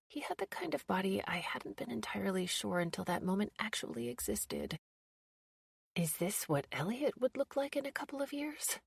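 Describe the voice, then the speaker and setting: A woman narrating a first-person audiobook in a measured, intimate storytelling voice. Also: on the low side, creaky, slightly rough, no room sound.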